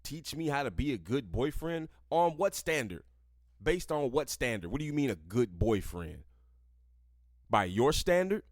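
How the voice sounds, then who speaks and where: A man's voice: medium pitch, big pitch swings, measured pace, dry recording, clean studio sound. A man hosting a podcast, ranting crudely and combatively while reading and reacting to an article. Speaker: podcast host. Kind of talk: profane commentary on articles.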